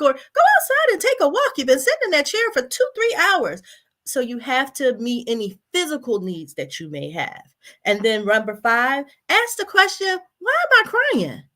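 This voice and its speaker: A woman giving a motivational talk to mothers, coaching listeners through a breathing exercise. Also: a little high. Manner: warm, coaching, guides breathing. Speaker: speaker.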